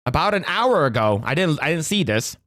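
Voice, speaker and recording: A man's voice: fairly high pitch, very animated, a little fast, a bit bright, dry recording, clean studio sound. A male streamer chatting casually, reacting with joking outrage. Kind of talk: casual live-stream chat.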